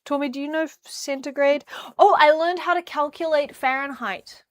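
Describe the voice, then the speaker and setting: A woman's voice: high voice, steady tone, normal speed. A young woman from New Zealand chatting casually on a livestream while tidying her room, rambling and humming to herself. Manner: rambling, chatty, hums and sings nonsense syllables while tidying. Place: her bedroom.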